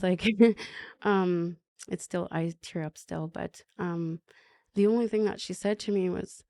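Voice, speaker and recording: A middle-aged woman, a podcast guest, telling an emotional recovery story in halting speech with many fillers and restarts. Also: fairly low pitch, fairly even intonation, gravelly, mellow. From Canada.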